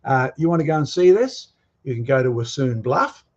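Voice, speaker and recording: A man's voice: medium pitch, very animated, moderate pace, darkish tone, slightly rough, muffled recording. A man giving a lecture with slides to a live audience, speaking emphatically and quizzing his listeners with provocative questions. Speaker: guest lecturer.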